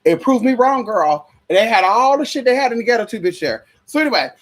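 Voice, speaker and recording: A woman's voice: a little high, big pitch swings, quick pace. A young adult woman from the United States in a casual opinion rant, sassy and profane, calling listeners honey and girl. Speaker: spiritual vlogger.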